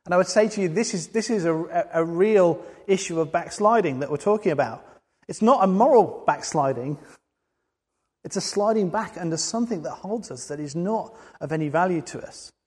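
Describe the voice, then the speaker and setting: A man's voice: a little high, lively intonation, normal speed, a little mellow, husky. A man preaching a sermon in an earnest way, building to emphatic peaks. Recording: long hall reverb.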